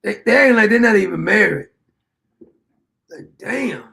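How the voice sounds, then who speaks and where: A man's voice: high voice, expressive, a little slow, vocal fry, bright, forceful tone. A man hosting a livestream who laughs, exclaims and mocks the clips he plays. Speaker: livestream host. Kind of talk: mocking livestream commentary.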